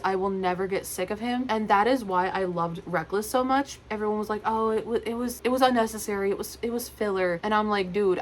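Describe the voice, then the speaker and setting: A woman's voice: mid-range voice, slight background noise, low-quality recording. A young woman vlogging about her favourite books, gushing and repeating herself as she talks straight into her phone camera. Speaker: book vlogger. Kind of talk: casual enthusiastic book talk.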